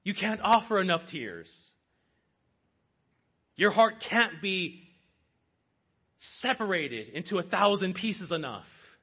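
A man's voice: high-pitched, sing-song, slow pace, long pauses, pushed and bright, slightly rough. A man preaching a sermon in an earnest, rhetorical way, calling his listeners saints.

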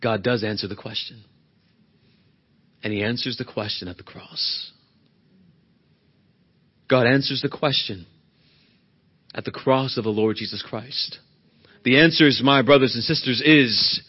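A man preaching a sermon as pastor, swinging between loud emphatic peaks and hushed, low passages. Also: unhurried, long pauses, husky, muffled recording.

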